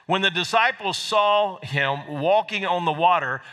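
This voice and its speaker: A man's voice: high voice, unhurried, bright, forceful tone. A man preaching a sermon as pastor, talking conversationally and often repeating words as he goes. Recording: long reverb of a large hall.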